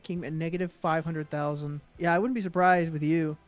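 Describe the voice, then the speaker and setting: Young male streamer, a bit high-pitched, easygoing chat over faint music. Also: steady tone, a little fast. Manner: easygoing, rambling, with fillers. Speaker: co-host of a stream.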